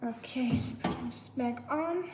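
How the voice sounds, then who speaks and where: A woman's voice: sits high, a little slow. A woman hosting a casual live stream while cooking, chatting with viewers and answering chat, with a slightly nasal, stuffy sound, recorded on a propped-up phone in her home kitchen. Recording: echoey kitchen with clear cooking noise.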